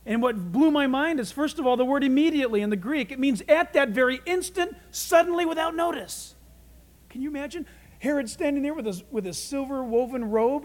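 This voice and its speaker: A man preaching a sermon as a pastor, in an animated, dramatic way. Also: very high voice, fairly quick.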